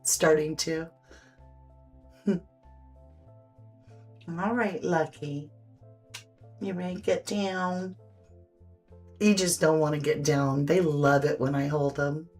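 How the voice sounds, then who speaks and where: A woman's voice: low voice, fairly even intonation, slow, long pauses, a little mellow. A woman hosting a live painting stream, chatting casually, reading viewer comments aloud and fussing over her dogs. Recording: faint background music.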